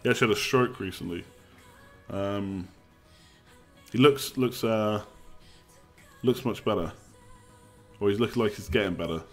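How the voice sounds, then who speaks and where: Guy streaming, lowish voice, chatty and jokey, faint music behind. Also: moderate pace, long pauses. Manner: chatty, joking, reads chat aloud. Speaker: livestream host. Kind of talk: casual live chat.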